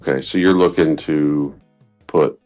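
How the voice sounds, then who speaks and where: A man's voice: a bass voice, steady tone, unhurried, a little mellow, soft background music. A man hosting a casual live stream, asking his guest short follow-up questions. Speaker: stream host. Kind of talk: casual chat.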